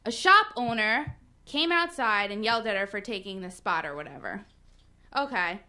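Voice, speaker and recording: A woman presenting a news segment on an internet radio show, telling stories in a giggly, animated way. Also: mid-range voice, moderate pace. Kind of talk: casual studio banter, reading news stories.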